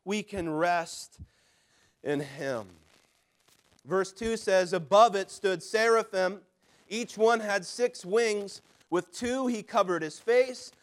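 A man preaching a sermon as a pastor, swinging from loud, driving lines to hushed ones and acting out the voices of people in his stories. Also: high voice, takes it slowly. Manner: acts out quoted voices in his telling.

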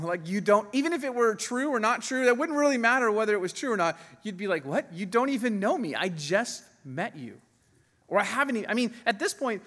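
Male pastor, higher-pitched, animated sermon delivery, recorded in a reverberant church hall. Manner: animated, laughs often, voices quoted figures.

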